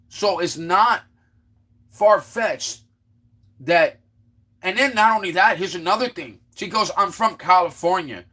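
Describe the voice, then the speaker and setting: A man's voice: animated, moderate pace. A man hosting a livestream, telling a long story in a rambling way, stumbling over repeated words and quoting others in his own voice. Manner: exclaims loudly then trails off low. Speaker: livestream host. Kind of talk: casual ranting monologue.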